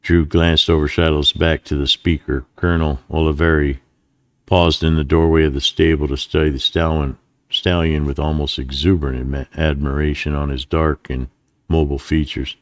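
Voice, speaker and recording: Male narrator, western audiobook reader, very deep voice, dry close sound, steady and deliberate. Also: dry recording.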